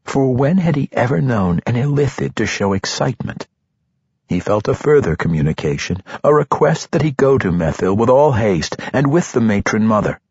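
A man reading a fantasy novel as an audiobook narrator, measured and expressive, in a dull, dry recording. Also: medium pitch, slightly rough, dry recording.

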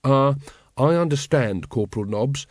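An earnest, literal-minded young recruit voiced by a man in an audiobook. He speaks plainly and keenly, in a lively voice recorded dry and close. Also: mid-range voice, unhurried, dry recording, natural voice.

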